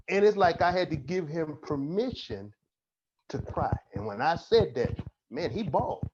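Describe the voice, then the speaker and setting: A man's voice: fairly high pitch, expressive, a little slow. Emphatic male counselor, lo-fi audio. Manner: emphatic, preacher-like cadence with repetition. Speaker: counselor on a panel. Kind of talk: panel discussion. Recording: dull lo-fi audio with faint noise.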